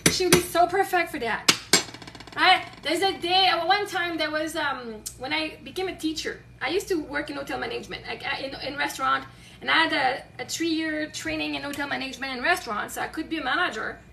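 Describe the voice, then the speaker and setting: A chatty woman with a very high, bright voice hosts her own show, rambling through stories and answering viewer comments with bursts of excitement. She sits a little back from the mic, and a faint noise runs underneath. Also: brisk, vocal fry, distant mic. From Quebec, Canada. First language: French. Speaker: show host. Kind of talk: casual live-stream chat, answering viewer comments.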